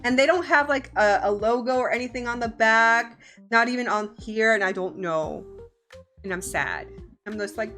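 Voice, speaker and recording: A woman's voice: fairly high pitch, moderate pace, a bit bright, soft background music. A young woman streaming from home, chatting casually with her viewers, giggling often and swearing freely. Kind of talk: casual live-stream chat.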